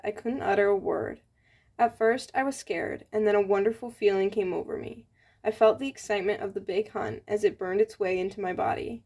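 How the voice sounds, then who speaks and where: A woman reading a novel aloud in a gentle, plain storybook manner, giving the characters light voices. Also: mid-range voice, gravelly. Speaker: audiobook reader.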